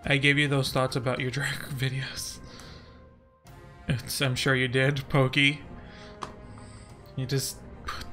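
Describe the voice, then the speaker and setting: A man's voice: medium pitch, level tone, takes it slowly, pauses often, sharp tone, faint music behind. A man rambling on a live stream, reading chat and joking about himself with frequent giggles. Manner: giggly, self-deprecating, joking.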